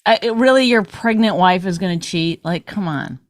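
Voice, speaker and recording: A woman's voice: lowish voice, moderate pace, no echo, clean studio sound. A woman co-hosting a podcast, wry and matter-of-fact in casual banter. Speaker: podcast co-host.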